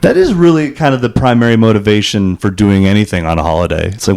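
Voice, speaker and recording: A man's voice: fairly low pitch, animated, quick pace, creaky, a little mellow. A young man co-hosting a podcast in casual chat, joking and riffing on bits. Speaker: podcast co-host.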